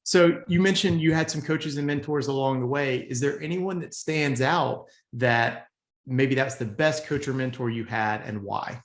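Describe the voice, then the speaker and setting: A man's voice: medium pitch, moderate pace. Male coach host asking questions, supportive tone, roomy echoey sound. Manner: encouraging, affirming replies. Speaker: business coach, interviewer. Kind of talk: interview questions. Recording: roomy echo.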